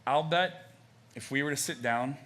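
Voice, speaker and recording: Bright, animated young male pastor. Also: medium pitch, normal speed. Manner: animated, conversational preaching with many fillers and restarts. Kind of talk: sermon.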